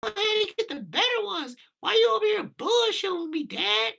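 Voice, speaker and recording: A man's voice: very high-pitched, expressive, brisk, gravelly, sharp tone, pitched above the performer's own voice, full character voice. A man voicing a demanding two-month-old baby boy who bosses his dad around and complains. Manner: bossy, entitled complaining.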